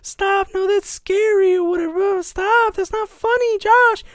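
Man faking a shrill frightened little girl. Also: steady tone, measured pace, fairly bright tone, no room sound, clean studio sound. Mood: panicked pleading. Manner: shrill, whiny pleading. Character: young girl, frightened and pleading.

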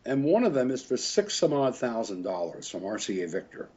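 Heard on a dull, lo-fi recording, this older French horn player has a mid-range, sing-song voice that's fairly quick, a little mellow and husky. He wanders through anecdotes in a relaxed interview, chuckling frequently and correcting himself along the way.

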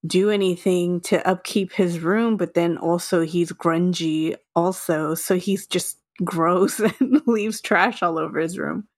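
A woman from Texas co-hosting a podcast, chatting casually with frequent laughs and quick asides. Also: fairly low pitch. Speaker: podcast co-host. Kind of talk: casual chat.

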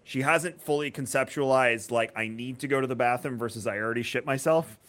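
A man in his thirties chats on a podcast with a bright, forceful tone. He tells his stories with animation, jumps into loud acted-out voices, and swears freely. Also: mid-range voice, fairly quick. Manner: animated storyteller who acts out voices loudly. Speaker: podcast co-host. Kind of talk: casual chat.

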